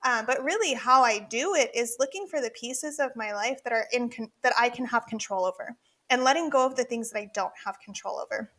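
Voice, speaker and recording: A woman's voice: a little high, fairly quick, bright, forceful tone. A woman in her forties co-hosting a podcast, talking candidly in a casual chat with many fillers and frequent laughs. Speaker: podcast co-host, dental practice consultant.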